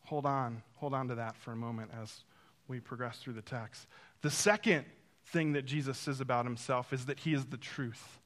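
A man preaching a sermon. He tells stories and talks straight to the congregation with asides, swinging from loud emphasis to hushed, intimate moments. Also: mid-range voice, steady tone, moderate pace. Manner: speaks to the congregation directly, with asides. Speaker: pastor.

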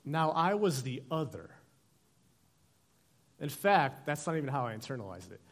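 A male pastor opening a sermon with an animated personal story, acting out the dialogue. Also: mid-range voice, normal speed.

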